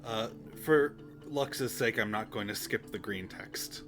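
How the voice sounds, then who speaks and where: Brief: a low-voiced male streamer reading a visual novel aloud, easygoing and rambling. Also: measured pace, music in the background. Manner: relaxed, rambling with fillers. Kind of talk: casual stream chat and narration.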